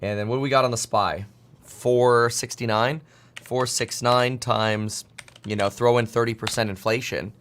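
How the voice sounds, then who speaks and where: This livestream host, a man in his thirties, has a steady, medium-pitched voice that's a bit bright, with slight background noise. He rambles through casual market commentary at a fast clip, joking and talking to himself while he clicks around charts.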